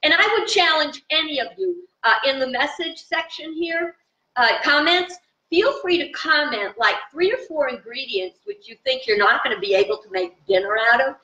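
Woman, high bright voice, chatty spiritual teacher, roomy echo, distant dull mic. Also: normal speed. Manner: chatty and animated, with fillers. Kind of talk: informal live talk to viewers. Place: home in the country.

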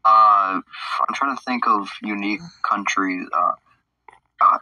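A man's voice: fairly low pitch, fairly even intonation, takes it slowly, pushed and bright, dry recording, recorded from a distance, poor audio. A man playing a student in a casual role-play, who talks hesitantly and fills gaps with "uh". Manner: hesitant, with many "uh" fillers. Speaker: player acting as a student.

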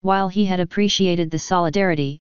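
Smooth low-voiced woman reading a story. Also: steady tone, quick pace, no room sound. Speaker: fanfiction reader. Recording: slightly dull, lo-fi.

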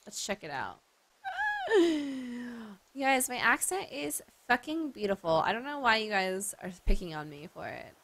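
A young Australian woman commenting on her gameplay, animated and joking, with plenty of swearing. Her bright voice rises and dips widely, and she takes her time between remarks. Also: medium pitch. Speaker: let's play host.

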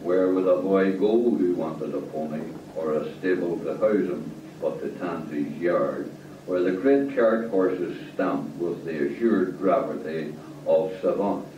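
A man reading a story aloud slowly and deliberately. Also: low voice, mellow, a little hiss or hum. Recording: distant, echoey, dull lo-fi.

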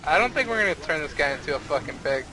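A young man chatting through live co-op game commentary with a somewhat high voice. He keeps it laid-back, with an easy, joking banter. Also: expressive, fast, poor audio. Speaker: gamer.

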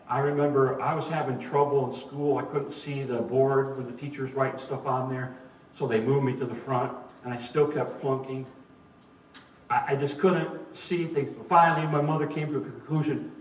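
A male pastor delivers a folksy sermon full of stories and jokes. His voice sits at an ordinary pitch and carries the echo of a church sanctuary. The mic is some distance away, and a faint hum of the room sits underneath.

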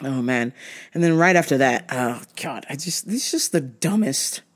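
A woman's voice: extremely low pitch, animated, normal speed. A woman podcast host telling comic stories in a profane, exasperated way. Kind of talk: comic storytelling.

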